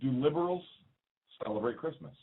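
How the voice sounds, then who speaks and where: A man's voice: mid-range voice, animated, brisk. A man co-hosting a political talk radio show, joking and quizzing his partner, often restarting his sentences. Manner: joking, questioning, repeats himself. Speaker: co-host. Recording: tinny phone-like audio.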